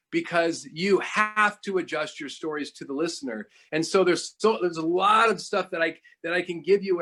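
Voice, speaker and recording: A middle-aged man telling a personal story in a talk, animated and full of restarts, acting out what people said. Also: high-pitched. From United States. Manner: animated, lots of restarts and acted-out quotes. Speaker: guest speaker. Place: online talk.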